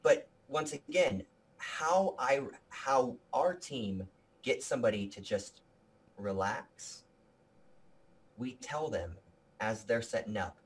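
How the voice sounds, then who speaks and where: A man's voice: mid-range voice, animated, slow. A man being interviewed about his video production company, talking with energy and earnestness, often restarting his sentences. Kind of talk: casual interview talk.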